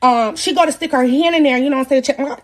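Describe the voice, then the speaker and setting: A young woman in her twenties hosting a livestream, telling a story casually in animated, slangy talk and joking with her viewers. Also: high voice, quick pace. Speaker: live-stream host.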